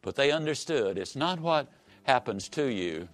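Animated, emphatic motivational speaker, a man. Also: mid-range voice, normal speed. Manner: emphatic, preacher-like, sweeping rises and drops. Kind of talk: motivational speech.

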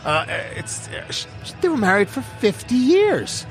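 A man's voice: very high-pitched, wildly swooping pitch, normal speed, faint music behind. A middle-aged man, a radio host, chatting casually with blunt, emphatic opinions. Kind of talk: casual chat.

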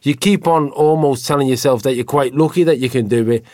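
A man's voice: mid-range voice, a little fast, a little mellow, no echo, clean studio sound. A man co-hosting a casual conversation, reflective and thinking aloud, often repeating words as he goes.

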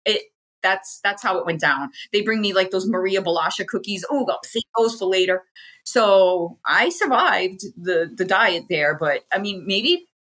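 Interview guest: American woman, frank and chatty, a slightly breathy mid-pitched voice. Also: expressive, normal speed, fairly bright tone. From United States. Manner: chatty, frank, acts out quoted people. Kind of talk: casual personal storytelling.

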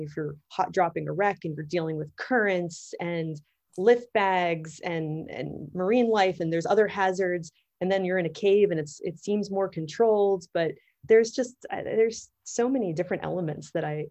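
Woman in her 30s chatting about diving, low voice, rambly and excited. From Florida, USA. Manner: enthusiastic, rambling with fillers and restarts. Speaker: guest, underwater cameraman and technical diver. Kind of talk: casual interview conversation.

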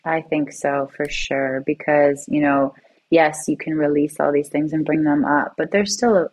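A woman's voice: low voice, steady tone, moderate pace, a little mellow, low-quality recording. A woman from Canada, a guest in an interview, telling a personal story in an earnest, reflective way.

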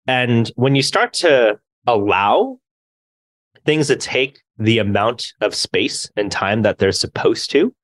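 A man's voice: medium pitch, animated, slow pace, a bit bright. Earnest man speaking as an interview guest. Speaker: interview guest, company founder. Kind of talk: conversational interview.

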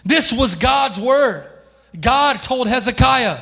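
A man's voice: sits high, expressive, a little slow, gravelly, a bit bright. A male pastor preaching a sermon with passion, calling on people in the congregation by name. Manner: impassioned, calls on listeners by name. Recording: long hall reverb.

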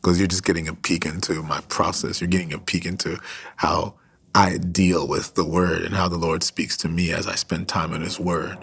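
A man preaching and praying in a livestream devotional, swinging between loud declarations and hushed whispers. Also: low-pitched, little pitch movement, moderate pace, creaky, a little hiss or hum. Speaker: pastor. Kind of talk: devotional livestream sermon and prayer.

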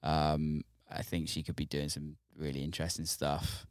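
A man with a very deep, smooth voice hosts a casual interview. He talks in a relaxed, halting way and swears casually. The sound is dry and close. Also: no echo. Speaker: podcast host, DJ.

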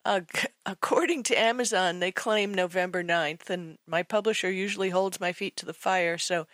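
A woman's voice: fairly low pitch, normal speed, a bit bright, no echo. A woman co-hosting a tech radio show and telling stories in chatty, enthusiastic casual talk. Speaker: co-host and author.

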